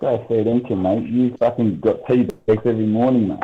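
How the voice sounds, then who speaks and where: A man's voice: lowish voice, fairly even intonation, fairly quick, slight background noise. An Australian man in his forties, swearing and joking in casual banter on a video call. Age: 40s. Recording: dull lo-fi call audio.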